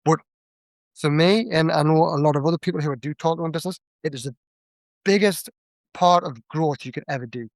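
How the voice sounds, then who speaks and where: A young man with a Northeast English accent talks as a podcast guest, rattling along quickly in a chatty, animated way. His voice sits a little high and the sound is dry and close. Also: no echo. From Northeast England. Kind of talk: casual chat.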